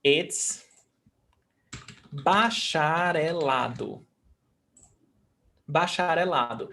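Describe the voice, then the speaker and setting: A man with a Brazilian accent leads an online Portuguese lesson over a video call, moving slowly and patiently between English and Portuguese. His voice sits a little higher than most men's, and he takes his time over every word. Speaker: Portuguese teacher. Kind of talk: online language class.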